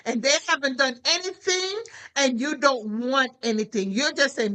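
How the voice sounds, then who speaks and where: A woman preaches with lively exhortation, speaking high in her range with a bright, ringing tone. She keeps turning to her listeners with rhetorical questions. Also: moderate pace, low-quality recording. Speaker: minister. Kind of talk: preaching to a prayer call.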